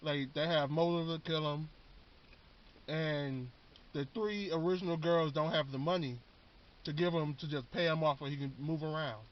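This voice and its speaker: A man's voice: fairly high pitch, steady tone, normal speed. A man casually recapping a TV show in a rambling, slangy way, often repeating words. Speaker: vlogger. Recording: dull lo-fi recording.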